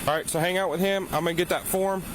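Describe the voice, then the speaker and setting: A male police officer speaks quickly, calm and firm as he lays out the rules. His voice comes from a bodycam outdoors, with clear traffic and street noise behind it. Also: high voice. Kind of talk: bodycam conversation. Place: outdoors by a fast food restaurant.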